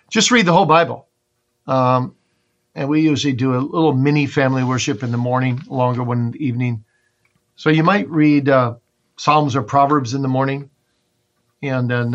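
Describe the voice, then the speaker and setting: Earnest guy teaching step by step in an interview, average pitch, kinda muffled lo-fi sound. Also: a bit bright. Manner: earnest, numbered teaching points with homely examples. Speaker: pastor and author being interviewed. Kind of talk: instructive interview answers.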